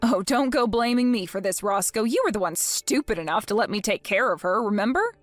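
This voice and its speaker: A woman's voice: mid-range voice, animated, a little fast, no echo, soft background music, natural voice. A woman voicing a vengeful young wife in a dramatized story, cold and taunting with mock innocence. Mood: scheming.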